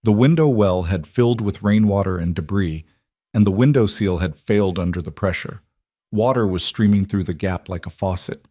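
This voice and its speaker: Male audiobook narrator; low, measured storytelling, dry studio sound. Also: mellow, dry recording. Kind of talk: scripted narration.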